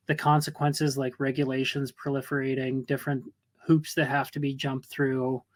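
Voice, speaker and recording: A man co-hosting a podcast, reflecting aloud in a casual, thoughtful way. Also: a little high. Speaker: podcast co-host. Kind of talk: casual conversation.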